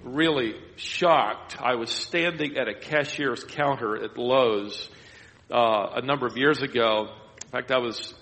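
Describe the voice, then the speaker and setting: A man's voice: mid-range voice, pushed and bright. A man telling a long, self-deprecating personal story in a sermon, with a rambling anecdotal manner. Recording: long hall reverb.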